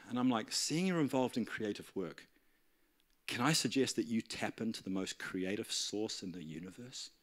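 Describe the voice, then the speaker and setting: A man's voice: lowish voice, animated, brisk. A man preaching in a church, telling a story animatedly and acting out the dialogue. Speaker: pastor. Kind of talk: storytelling sermon.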